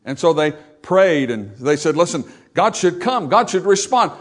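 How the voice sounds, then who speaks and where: Emphatic preaching man, fairly high voice. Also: very animated, moderate pace. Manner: emphatic preaching with rhetorical questions, rising loud on scripture. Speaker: pastor. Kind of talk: sermon.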